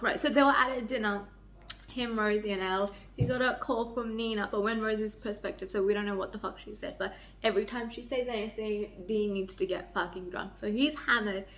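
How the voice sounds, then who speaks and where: A young adult woman, medium-pitched and brisk, films a casual reading vlog in a room at home by a heater. Reading lines from a romance novel, she gets excited, gushes about the characters and swears plenty.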